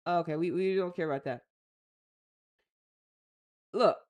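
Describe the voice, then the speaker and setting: A woman's voice: fairly low pitch, measured pace, darkish tone. A woman with an American accent hosting a casual talk show, reading news aloud and reacting bluntly in slangy, offhand remarks. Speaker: host.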